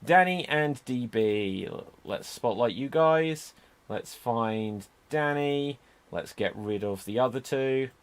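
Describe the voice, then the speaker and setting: A man's voice: medium pitch, lively intonation, slow. A man hosting a livestreamed improv comedy show over a video call, upbeat and announcing. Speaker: host.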